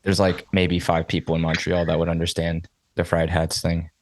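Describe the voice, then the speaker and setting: Deep, flat-voiced podcast host. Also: male voice, normal speed, dry recording. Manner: short, easygoing replies, casual swearing. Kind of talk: casual chat.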